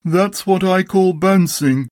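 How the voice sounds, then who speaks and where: A man doing Eeyore, a gloomy slow donkey. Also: high-pitched, a little mellow, no echo, clean studio sound, pitched above the performer's own voice. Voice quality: drawling, mournful. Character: gloomy old male donkey, sarcastic and slow. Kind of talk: storybook reading.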